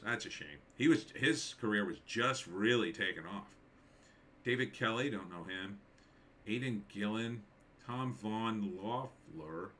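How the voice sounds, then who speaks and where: A man hosting a livestream, reading through a list in casual commentary and musing aloud with quick offhand asides. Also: medium pitch, pushed and bright. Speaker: livestream host.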